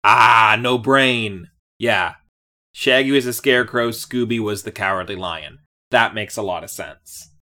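Low-voiced playful woman. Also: a little slow, sharp tone. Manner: playful, laughs often. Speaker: podcast co-host. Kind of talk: casual chat reviewing a cartoon episode.

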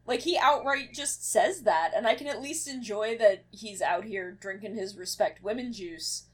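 A woman's voice: medium pitch, normal speed. A woman co-hosting a podcast in casual chat, earnest and conversational. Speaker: podcast co-host.

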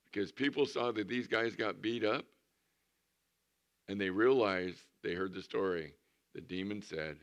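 A man's voice: sits low, measured pace. A man in his sixties, a pastor preaching a conversational sermon with humorous storytelling in a church. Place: church sanctuary.

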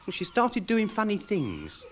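Prim mummy's-boy man, bouncy pitch, for a hissy archive radio comedy. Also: huge pitch swings, unhurried, full character voice. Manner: prim, flustered. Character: fussy, mother-led male pier co-owner. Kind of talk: 1990s radio sitcom acting.

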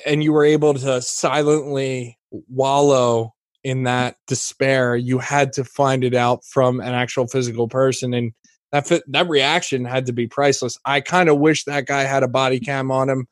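A man's voice: mid-range voice, flat delivery, moderate pace, dry recording, clean studio sound. A man co-hosting a sports podcast, chatting casually and riffing playfully on his friend's story. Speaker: podcast co-host.

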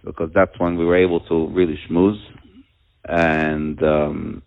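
A father telling a personal story at a community talk, halting and earnest, with many pauses and restarts. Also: very deep voice, flat delivery, vocal fry. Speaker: father telling of his daughter. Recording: tinny, phone-like narrow sound.

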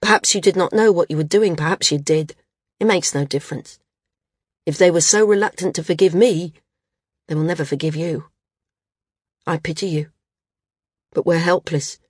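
A woman voicing a grey-haired middle-aged male judge who speaks gravely and with measured pity. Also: on the low side, no echo, studio quality.

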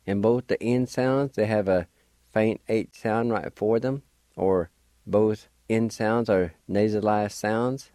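A man's voice: lowish voice, steady tone, takes it slowly, warm tone, dry recording. A man hosting a radio language lesson, spelling words out letter by letter and patiently encouraging listeners to practice. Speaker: radio language teacher and host.

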